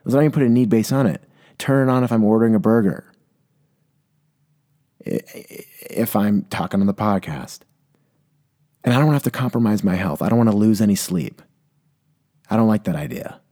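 A young man talks on his own podcast in a loose, rambling way, restarting his sentences and poking fun at himself. His voice sits low and sounds mellow and soft-edged, with a slight stuffiness from a cold. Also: brisk, pauses often. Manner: rambling, self-deprecating, with many restarts. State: a little congested from a cold. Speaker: podcast host. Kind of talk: casual solo podcast monologue.

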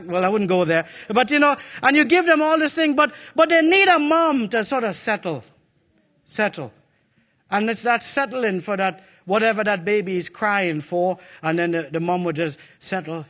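A middle-aged man preaching a lively sermon in a church, joking and calling out to the congregation. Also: sits high, moderate pace. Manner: animated, playful preaching with call-outs to the congregation. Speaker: pastor.

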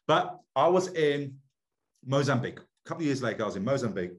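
A middle-aged man, a podcast guest, telling a story in casual chat, animated, laughing often and repeating words. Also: medium pitch, fairly quick.

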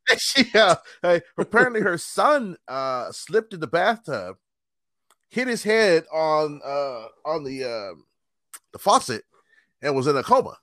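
Animated man telling stories, bright voice. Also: fairly high pitch, a little slow, no room sound, studio quality. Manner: animated storyteller, acts out quoted voices. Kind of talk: casual storytelling chat.

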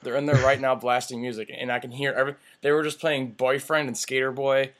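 A young man co-hosting a podcast in casual chat, excitable, swearing a lot and restarting his sentences. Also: mid-range voice, fast talker, crowd noise. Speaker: podcast co-host. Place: apartment room.

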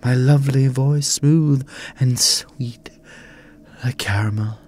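An actor playing a nervous, tipsy young priest who rambles in a flustered way. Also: male voice, on the low side, sing-song, moderate pace. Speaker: Father Montgomery, a priest.

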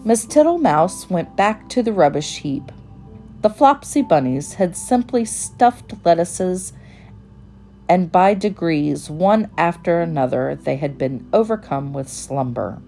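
A woman reading a children's storybook aloud in a gentle, unhurried manner. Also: lowish voice, lively intonation, faint music behind.

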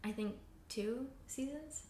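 A woman's voice: on the high side, slow pace, warm tone. A young woman, a podcast guest, telling stories in casual chat and giggling often. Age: young adult. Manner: chatty storyteller, giggly. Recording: echoey room.

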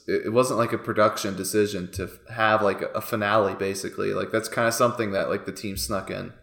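A man in his thirties co-hosting a podcast, talking in an animated way full of fillers and frequent laughs. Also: lowish voice, quick pace, gravelly, roomy sound. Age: 30s. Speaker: podcast co-host. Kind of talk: casual chat.

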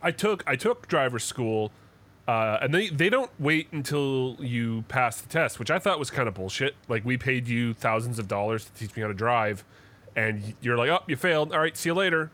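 A man's voice: mid-range voice, moderate pace, a bit bright. A man co-hosting a podcast, telling stories in casual chat with heated, profane rants. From Canada. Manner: profane, heated ranting storyteller. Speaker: podcast co-host.

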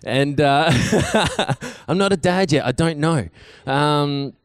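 A man's voice: a little high, measured pace, clear, resonant tone, no echo, studio quality. A young man, giving a casual storytelling sermon as guest speaker, joking with lots of fillers and asides. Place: church service.

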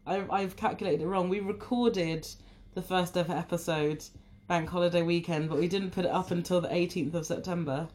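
A young woman co-hosting a podcast in casual chat, chatty and quick to correct herself. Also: on the low side, fairly even intonation, darkish tone. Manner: chatty, self-correcting, giggly. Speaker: podcast co-host.

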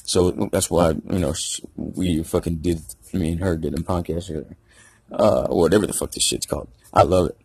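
A man's voice: deep voice, steady tone, moderate pace, gravelly, darkish tone, slightly rough, dry recording. A man telling a rambling, profane story in a casual rant. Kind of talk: casual ranting anecdote.

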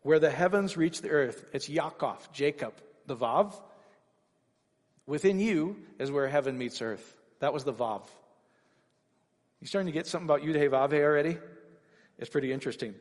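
A man preaching an informal sermon, energetic and full of rhetorical questions and sudden exclamations. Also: fairly high pitch, moderate pace, pauses often, in a large hall.

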